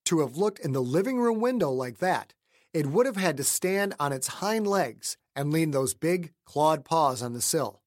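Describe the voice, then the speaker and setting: A man with a slightly raised pitch narrating an audiobook in a measured, suspenseful way. He slows down for the tense beats. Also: expressive. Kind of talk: scripted narration.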